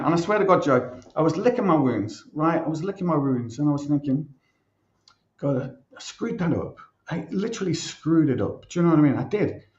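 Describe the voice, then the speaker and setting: An Irish man, a podcast guest, telling a story in a chatty, animated way and swearing casually. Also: medium pitch. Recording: roomy, dull recording.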